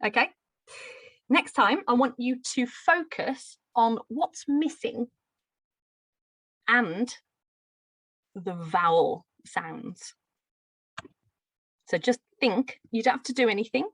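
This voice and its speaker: A woman's voice: fairly high pitch, animated, slow pace, pauses often, fairly bright tone, husky, no room sound, rough recording. A woman from Birmingham with a Brummie accent, explaining a pronunciation drill in a friendly teaching manner. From Birmingham, England. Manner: friendly, explanatory, with light laughs. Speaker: teacher trainer. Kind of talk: live teacher-training lesson.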